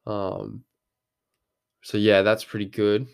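A man's voice: lowish voice, fairly even intonation, normal speed, clear, resonant tone. A young man, talking casually as a podcast host, rambling and swearing freely as he acts out his own thoughts. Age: young adult. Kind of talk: casual monologue.

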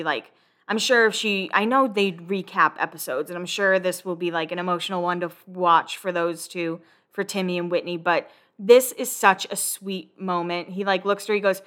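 Chatty young woman with a bright voice. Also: mid-range voice. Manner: chatty, swears freely, quotes people in animated voices. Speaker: podcast host recapping a reality show. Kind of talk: casual recap chat.

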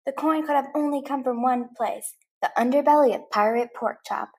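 A cheerful cowboy toy with a folksy, upbeat way of telling a yarn, as a woman reads him aloud. The voice sits a little high and friendly. It is a simple storybook read-aloud. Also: normal speed, slightly rough. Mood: storytelling.

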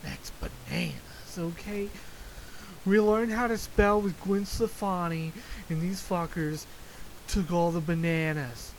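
Slow-talking, profane comedic podcast host. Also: mid-range voice, slight background noise, low-quality recording. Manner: profane, exaggerated, jokey asides. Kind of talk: comedic solo rant. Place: lives in Florida.

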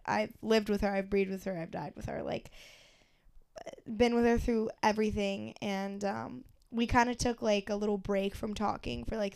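A woman's voice: medium pitch, vocal fry, a little mellow, no echo, studio quality. A woman in her twenties co-hosting a casual podcast, telling a personal story candidly and emotionally, with lots of fillers and swearing. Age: 20s. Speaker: podcast co-host.

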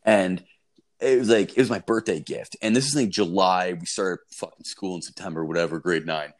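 A man's voice: sits low, normal speed. A young man telling a long, profane, rambling story in casual chat.

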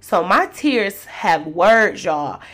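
A woman's voice: on the low side, very animated, drawn-out words, a bit bright. A woman telling a personal faith testimony to her listeners in an emotional, preacherly way. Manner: emotional, preacherly storytelling addressing listeners as y'all. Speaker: podcast host.

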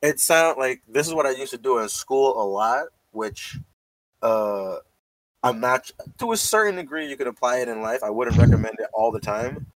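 Profane, animated man in casual chat. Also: medium pitch, moderate pace. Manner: profane, animated storytelling full of "like".

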